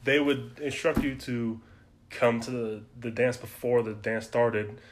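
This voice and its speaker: A man's voice: mid-range voice, flat delivery, measured pace, slight background noise. A man co-hosting a casual podcast, chiming in with short jokes and reactions. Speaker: podcast co-host. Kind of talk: casual chat.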